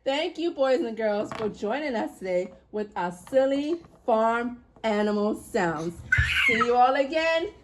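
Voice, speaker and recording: A woman's voice: on the high side, lively intonation, unhurried, noisy background. A woman hosting a children's video, teaching in a playful, sing-song way. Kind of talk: preschool teaching. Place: homestead.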